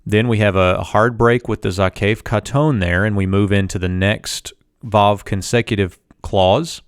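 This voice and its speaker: A man's voice: on the low side, steady tone, moderate pace, smooth, dry recording, clean studio sound. A man teaching Biblical Hebrew, walking steadily through a verse and explaining its grammar. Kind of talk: scripted screen-walkthrough lesson.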